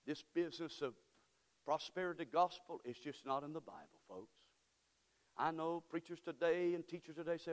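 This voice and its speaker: Male pastor, high and animated, fervent sermon that rises to shouts, long church hall reverb. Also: moderate pace. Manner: fervent preaching that builds to repeated shouts. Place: church sanctuary.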